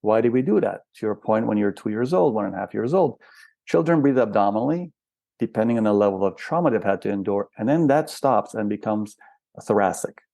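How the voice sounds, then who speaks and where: A man's voice: on the low side, animated, fairly quick, gravelly, warm tone, no echo. An older man, a spiritual counselor and guest, explaining patiently and asking rhetorical questions in a reflective interview.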